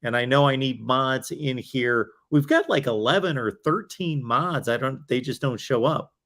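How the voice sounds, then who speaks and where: Speaking at a medium pitch and moderate speed with a fairly bright tone, this man runs a college football livestream in loose, casual chat. He sounds worn out, his voice fading, as he meanders along with filler words and little self-directed asides.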